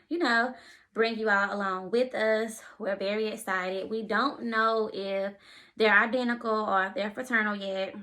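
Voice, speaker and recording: Breathless woman telling a vlog story. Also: a little high. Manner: breathless and animated, often retelling scenes in quotes. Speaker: vlogger and expecting mother.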